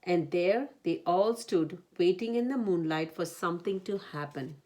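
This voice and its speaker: A woman storyteller reading a children's picture book aloud in a gentle, expressive way. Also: lowish voice, a little slow, noisy background.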